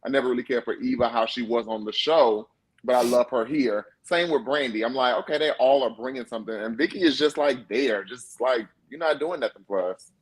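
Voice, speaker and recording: A man's voice: mid-range voice, brisk, slightly rough, poor audio. A man on a casual discussion panel, easygoing and thinking aloud as he gives his take. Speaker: podcast panelist. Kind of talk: casual chat.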